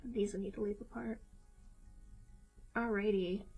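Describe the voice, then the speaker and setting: A woman's voice: mid-range voice, steady tone, moderate pace, lo-fi sound, soft background music. A young woman from Missouri with a mild Southern-Midwestern accent, chatting casually and giggling with her viewers while she draws on a live stream. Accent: mild Southern-Midwestern American mix. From Missouri, USA.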